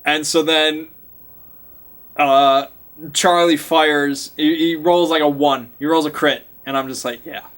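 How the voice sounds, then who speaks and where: This man has a fairly high, slightly bright voice with fairly even intonation, and he speaks slowly. He's the game master, casually talking through a recap of a tabletop session, performing sound effects and character lines and breaking into laughter.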